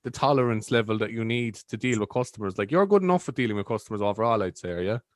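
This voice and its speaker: A man's voice: on the low side, expressive, fast, no echo, clean studio sound. A young Irish man chatting on a podcast in a laid-back, chatty way, swearing casually. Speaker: podcast guest. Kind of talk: casual chat.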